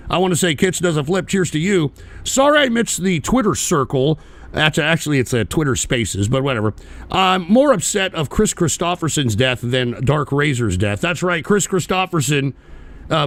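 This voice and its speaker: Profane, fired-up male stream host. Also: on the high side. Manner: blunt, profane, animated ranting. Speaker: political talk show host. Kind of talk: live-stream commentary reading viewer donations.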